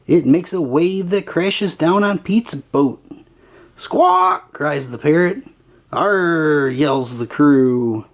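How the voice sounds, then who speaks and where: A reader narrating a children's picture book aloud in a slow, expressive, sing-song way. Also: mid-range voice. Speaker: storybook reader.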